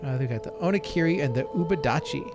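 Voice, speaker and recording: A man co-hosting a casual game podcast, reading item descriptions aloud with relaxed asides and the odd swear. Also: a little high, fast talker, over music. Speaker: podcast co-host. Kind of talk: casual let's-play chat, reading item text.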